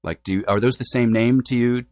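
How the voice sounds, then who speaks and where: A man's voice: mid-range voice, fairly even intonation, a little fast, darkish tone, no room sound. A man who is a dialect coach, answering interview questions in a fluent, lecturing way, often adding "you know" and "right?". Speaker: accent expert and dialect coach, guest.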